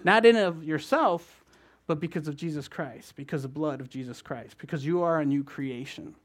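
A man preaching a conversational sermon, talking fast and often checking in with his listeners. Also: a little high. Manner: fast-talking, keeps asking "right?". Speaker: guest preacher.

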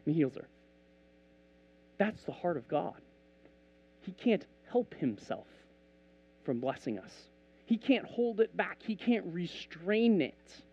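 A man's voice: sits high, takes it slowly, pauses often, breathy edge, highs cut off. A man preaching a casual, conversational sermon, telling stories and acting out bits of dialogue. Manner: animated, conversational, acts out dialogue.

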